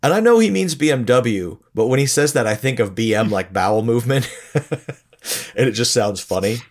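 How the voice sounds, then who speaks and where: A man's voice: mid-range voice, animated, moderate pace. A man co-hosting a podcast, chatting casually about songs in a laid-back, chuckling way. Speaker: podcast co-host. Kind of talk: casual music review chat.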